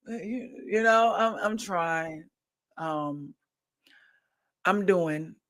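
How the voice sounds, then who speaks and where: Slow-talking emotional woman podcast host. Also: medium pitch, fairly bright tone. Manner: emotional, rambling, repeats herself. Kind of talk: candid personal monologue.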